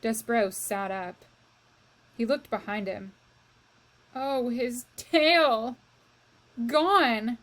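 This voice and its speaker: A woman reading a children's novel aloud to a class, with slow, expressive storytelling that speaks to the reader. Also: a little high.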